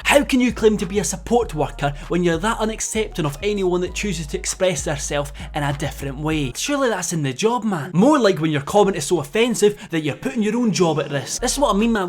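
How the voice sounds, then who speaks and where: A young Scottish man in his twenties doing a sarcastic commentary vlog, swearing and stumbling over restarts. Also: high voice. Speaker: YouTuber.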